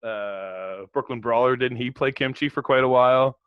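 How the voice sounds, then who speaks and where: A relaxed man talks through a wrestling recap in a casual podcast chat, pausing often on "uh" and chuckling along the way. His voice is neither high nor low, and it sits close and dry on the mic with no room around it. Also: smooth, dry recording, muffled recording. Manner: laid-back, lots of fillers and laughs. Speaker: podcast co-host.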